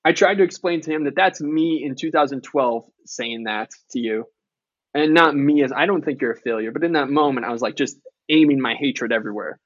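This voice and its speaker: A man's voice: medium pitch, brisk, no echo, muffled recording. A man in his thirties, an author and podcast guest, telling candid stories in a casual conversation, with frequent profanity and quoted dialogue.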